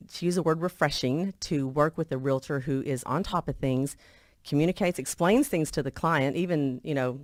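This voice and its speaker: A woman's voice: rumbling low, dry recording, studio quality. A woman, a real estate agent telling stories in a chatty way, with frequent fillers. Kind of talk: casual interview talk.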